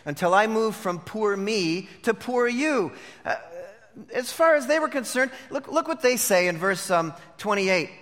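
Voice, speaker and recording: High, bright-voiced man preaching in a hall. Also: expressive, measured pace. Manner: swings from hushed to emphatic preaching. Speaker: pastor. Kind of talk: sermon.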